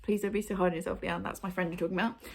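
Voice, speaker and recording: A booktube host with a fairly low, creaky, darkish voice talks rapid-fire in a steady tone. She chats to camera at home in front of her bookshelves, bubbly and chatty, with many ums and likes.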